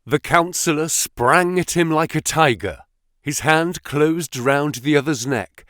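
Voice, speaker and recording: A man narrating an audiobook as expressive storytelling. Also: on the high side, no room sound, studio quality. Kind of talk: scripted narration.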